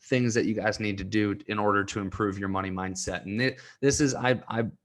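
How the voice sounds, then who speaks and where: A man's voice: on the low side, fairly even intonation, fairly quick. A young man hosting a solo podcast, talking earnestly and getting emotional, laughing through tears at times. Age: young adult. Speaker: podcast host and coach.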